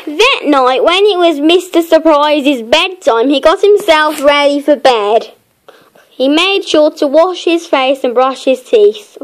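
A woman narrating her own homemade children's story in a gentle storytelling manner. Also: high voice, animated. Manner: gentle, slow storytelling with small laughs.

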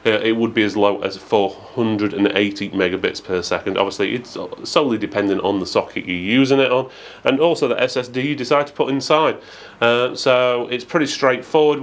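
A man giving a methodical, matter-of-fact product review with frequent fillers. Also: fairly low pitch. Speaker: tech reviewer.

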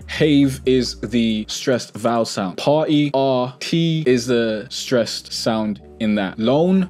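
Young guy hosting a music tutorial, chatty and relaxed, talks it through casually. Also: mid-range voice. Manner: relaxed, chatty, self-correcting, plugs own products.

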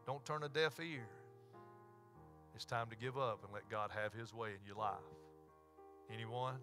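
Over music, a man with a lowish voice speaks at a measured pace, pausing often. He's a pastor in a church sanctuary wrapping up his sermon with an altar call and prayer, repeating his invitations in a pleading Southern preacher cadence.

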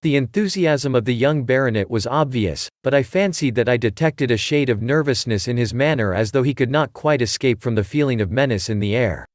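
A man reading a story aloud in a measured narration style. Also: medium pitch, no room sound, clean studio sound. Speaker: audiobook reader. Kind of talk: scripted narration.

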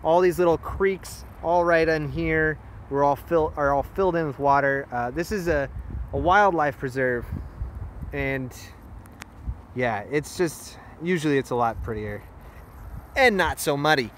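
A man's voice: a little high, a little slow, fairly bright tone, slight background noise. A young man vlogging outdoors at a muddy wildlife preserve, a little out of breath, talking into a phone held at arm's length, rambling and frustrated, then wistful. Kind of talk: casual outdoor selfie vlog.

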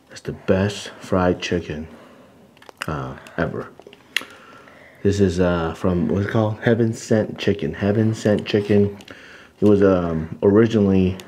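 A man's voice: low-pitched, a little hiss or hum. A middle-aged man hosting a family food vlog, chatting casually and rambling with lots of fillers as he introduces the meal. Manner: relaxed, rambling, many fillers. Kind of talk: casual mukbang chat.

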